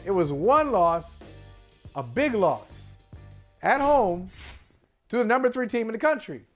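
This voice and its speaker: A man co-hosting a casual sports talk show, emotional and animated, laughing often as he talks. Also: high voice, a little slow, faint music behind. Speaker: co-host.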